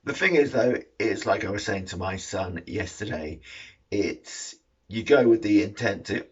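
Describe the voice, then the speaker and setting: Middle-aged guy, sweary jokey news chat, husky low voice, dull lo-fi audio. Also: moderate pace. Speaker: vlogger. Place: shed. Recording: dull lo-fi sound.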